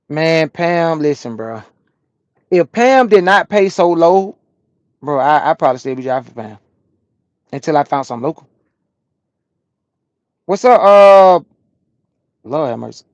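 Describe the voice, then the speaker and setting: A Southern American man, a truck driver, chats with his livestream viewers from his cab on a rest break. His voice sits a touch high, with a dry, close sound. He tells his stories with animated energy and plenty of slang and swearing. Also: no room sound, highs cut off. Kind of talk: casual livestream chat, reading comments.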